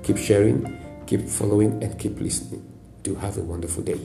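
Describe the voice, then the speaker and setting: A man's voice: lowish voice, moderate pace, vocal fry, warm tone, reverberant, faint music behind. A Nigerian man preaching a sermon as a pastor, emphatic, repeating lines and adding frequent "praise God". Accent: Nigerian English.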